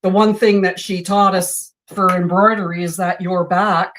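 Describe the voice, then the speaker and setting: A woman's voice: fairly low pitch, fairly even intonation, moderate pace, fairly bright tone, slight background noise. A woman in her sixties hosting a sewing stream, chatting in a storytelling way while she works. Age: 60s. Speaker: host. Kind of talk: casual chat while sewing.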